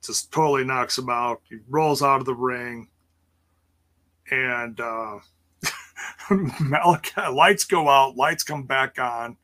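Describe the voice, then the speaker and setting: A man talks slowly and loosely, recapping for his chat. His voice is bright and forward. He drifts into sarcastic asides and filler words. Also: medium pitch. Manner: rambling, sarcastic asides, frequent ums and laughs. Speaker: wrestling show recap host. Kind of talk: casual livestream recap chat.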